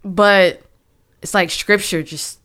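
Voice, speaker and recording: A woman's voice: medium pitch, fairly even intonation, slow, a bit bright. A young woman sharing a personal testimony as a podcast guest, talking earnestly and emotionally, often stopping and restarting her sentences. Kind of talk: conversational testimony.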